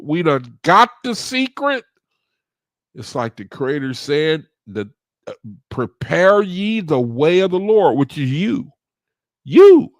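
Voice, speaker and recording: Speaking slowly from his computer, a man runs a study group livestream, his fairly high voice rising and falling. He chats casually with viewers, repeating phrases and asking the chat questions. The sound is dry and close, with no echo.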